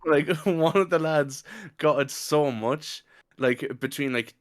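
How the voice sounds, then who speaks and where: A man's voice: fairly high pitch, slow pace. Rambling man laughing through tales. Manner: rambling, laughing anecdotes with lots of "like". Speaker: podcast co-host. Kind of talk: casual chat.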